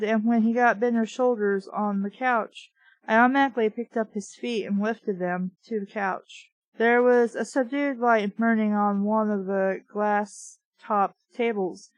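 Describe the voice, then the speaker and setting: A woman's voice: medium pitch, dry recording. A woman reading a novel aloud with dry, sarcastic asides. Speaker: book reviewer reading aloud.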